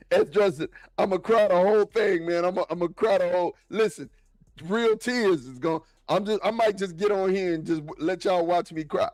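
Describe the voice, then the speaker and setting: A man talking football in a casual, excitable, slangy way, often repeating himself. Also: high voice, moderate pace, no room sound, faint music behind. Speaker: football podcast guest. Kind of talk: casual sports talk.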